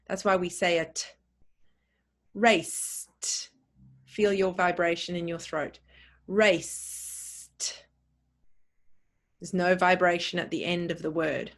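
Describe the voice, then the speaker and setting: Slow, careful woman teaching pronunciation. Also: on the low side. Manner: careful, repeats and spells words out.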